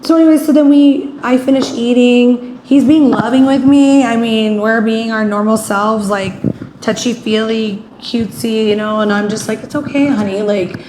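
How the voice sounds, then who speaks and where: A woman's voice: a little high, fairly even intonation, moderate pace, darkish tone. A woman guest telling a painful personal story in a rambling way, with many fillers, often acting out what people said. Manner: rambling, many "like" fillers, acts out quoted speech. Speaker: interview guest. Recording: echoey room with faint ambient noise.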